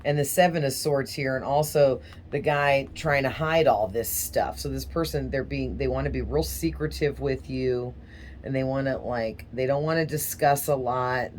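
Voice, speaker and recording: A woman's voice: a bass voice, darkish tone, slight background noise. A woman giving a casual tarot reading, talking in a rambling, hesitant way with small stutters. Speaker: tarot reader.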